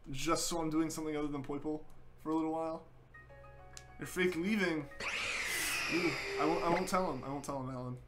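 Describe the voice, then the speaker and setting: Young male game streamer, fairly high voice, easygoing chat, clear game music behind. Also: steady tone, a little fast, pauses often. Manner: chatty and easygoing, with frequent fillers. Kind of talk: casual live-stream chat, reading viewer messages aloud. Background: game music playing.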